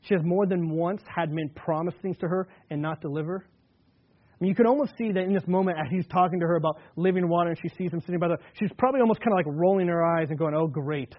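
Conversational male pastor, slightly high, muffled. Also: fast. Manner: conversational preaching, reads scripture with emphasis. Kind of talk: sermon.

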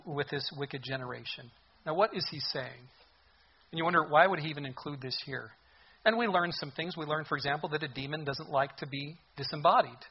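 A man preaching a sermon in an animated way, with sudden loud bursts and mocking asides. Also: on the high side, muffled recording, a little hiss or hum. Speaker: pastor.

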